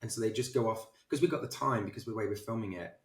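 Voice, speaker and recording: A film director, a man, telling anecdotes in an animated, self-deprecating way as an interview guest. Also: fairly low pitch, fast talker, distant mic. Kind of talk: casual interview storytelling. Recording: roomy echo.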